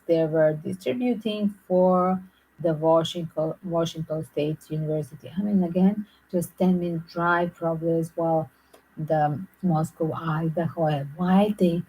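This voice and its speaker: A woman hosting her own channel, giving speculative true-crime commentary in a halting way, repeating and restarting phrases as she thinks aloud. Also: low voice, warm tone, husky, poor audio. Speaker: channel host.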